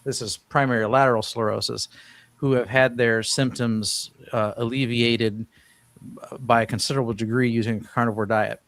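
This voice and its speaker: A man hosts a casual live-stream chat with middle-pitched speech. He rambles loosely and often restarts his sentences. The sound is dry, with no room echo. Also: fairly even intonation, moderate pace, a bit bright. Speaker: host of a diet livestream panel.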